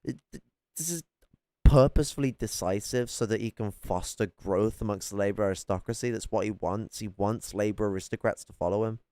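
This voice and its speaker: A low-voiced man tears into a clip with a confrontational, profane rant. His voice is smooth and resonant, recorded dry and close with no room sound. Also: brisk, dark tone, no echo. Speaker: political commentator reacting to clips. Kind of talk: ranting reaction commentary. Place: his flat.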